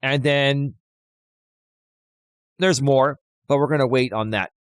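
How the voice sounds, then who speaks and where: A man's voice: medium pitch, fairly even intonation, takes it slowly, clean tone, no room sound. A man hosting a livestream, ranting in a combative, taunting way and repeating himself for emphasis. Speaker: livestream host. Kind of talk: confrontational livestream rant.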